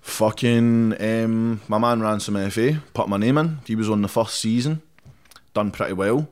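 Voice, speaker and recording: A young man with a Scottish accent talks in a somewhat low register. He is a guest in a relaxed interview, blunt and defiant, swearing freely and tagging "mate" onto nearly every thought. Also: normal speed, smooth. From Scotland. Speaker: rapper guest. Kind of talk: casual interview chat.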